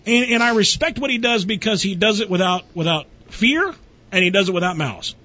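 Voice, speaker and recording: A man's voice: high voice, expressive, a little fast, sharp tone. A man hosting a radio show, brash and joking in loose, crude banter. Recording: muffled lo-fi recording.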